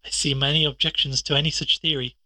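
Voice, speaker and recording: A man voicing an earnest, puzzled doctor companion with a husky voice. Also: fairly high pitch, level tone, fast, bright, forceful tone, slight background noise.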